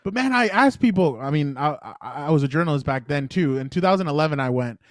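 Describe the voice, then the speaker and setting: A man co-hosting a casual sports podcast, telling stories in an animated way and laughing easily, recorded on a close podcast mic. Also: a little high, no room sound. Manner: animated storyteller, quick to laugh. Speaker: podcast co-host.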